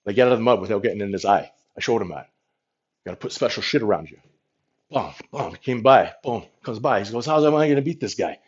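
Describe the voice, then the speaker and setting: A man's voice: on the low side, animated, quick pace, husky, dull audio. A man voicing a boastful middle-aged New York Italian tough guy with a New York Italian accent, name-dropping and saying "you know" constantly. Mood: boastful storytelling.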